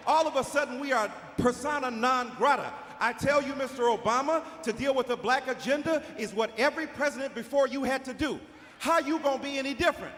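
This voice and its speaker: A man from Detroit giving an impassioned speech as a panelist, with a preacher-like cadence, repeating phrases and shouting. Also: extremely high pitch, fairly quick. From Detroit, Michigan. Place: large auditorium before live audience. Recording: echoey hall with faint noise.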